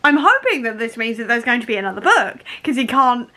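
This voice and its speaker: Young woman, book vlogger, bright higher voice, emotional, laughing through tears, casual chat. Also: big pitch swings, brisk. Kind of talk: casual reading vlog.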